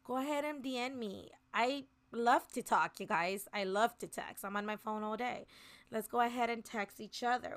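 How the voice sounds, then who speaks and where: A woman's voice: a little high, fairly bright tone. A woman in her thirties hosting a casual motivational talk, speaking earnestly and encouragingly straight to her listeners. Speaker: podcast host.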